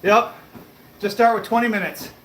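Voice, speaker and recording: A man livestreaming while on a treadmill, chatting casually and answering viewer comments, a bit breathy as he talks between breaths. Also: high voice, moderate pace, a bit bright, roomy sound, slight background noise, rough recording. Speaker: fitness livestreamer.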